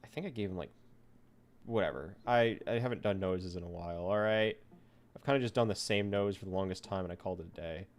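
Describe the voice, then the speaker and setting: A man's voice: deep voice, fast. A man streaming live as a VTuber, chatting casually and rambling playfully to himself while he draws.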